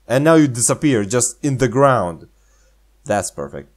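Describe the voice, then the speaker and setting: A man's voice: mid-range voice, animated, unhurried. A man playing a game and commenting casually, sarcastic and playful, in slightly non-native English. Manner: sarcastic, playful, speaks English as a second language. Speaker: gaming channel host.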